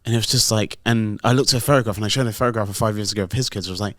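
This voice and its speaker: A man's voice: fairly low pitch, fairly even intonation, racing, few pauses, no echo, studio quality. A middle-aged man chatting on a podcast, telling rambling stories full of fillers. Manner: rambling, storytelling with many fillers. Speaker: podcast host. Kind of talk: casual podcast chat.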